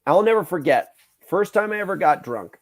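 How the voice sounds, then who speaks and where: A man in his thirties hosting a podcast, telling stories in a casual, animated way, swearing freely and acting out what people said. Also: high-pitched, brisk, noisy background. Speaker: podcast host. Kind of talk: casual storytelling chat.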